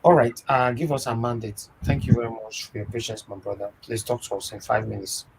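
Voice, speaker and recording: Male moderator, brisk, filler-heavy, mid pitch, faint background noise. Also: level tone, creaky. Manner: brisk, many thank-yous and fillers. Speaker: discussion moderator. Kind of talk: moderating an open discussion.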